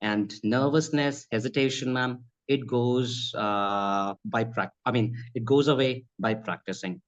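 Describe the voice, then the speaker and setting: An earnest man whose first language is Bhojpuri, a spoken English and accent trainer, gives conversational interview answers in an unhurried, mid-range voice. He sounds advisory and keeps calling her ma'am. The lo-fi audio is slightly dull.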